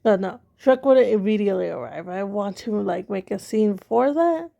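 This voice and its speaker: A woman's voice: mid-range voice, animated, normal speed, vocal fry, dark tone, muffled recording. A woman casually rambling through her own story ideas, amused at herself. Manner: rambling, self-amused, many fillers. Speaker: amateur story writer.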